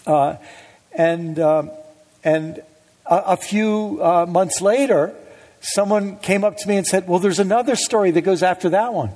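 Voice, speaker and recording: A man's voice: sits high, a little slow, darkish tone. A middle-aged man giving a conversational public talk with anecdotes to an audience in a hall, often hesitant with fillers and restarts, with a wry touch. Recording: long reverb of a hall.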